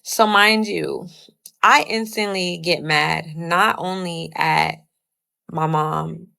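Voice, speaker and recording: A woman's voice: fairly low pitch, fairly even intonation, takes it slowly, creaky, sharp tone. A young woman casually telling a personal story, retelling it with lots of "I was like" quotes.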